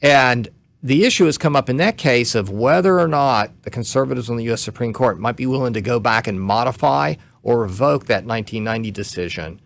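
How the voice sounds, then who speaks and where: A man with a gravelly, creaky voice at an ordinary pitch lays out legal points carefully and step by step. He sounds like a guest on a talk radio show who is short on sleep, and he sometimes backs up and restarts a phrase. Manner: measured, explains step by step, some restarts.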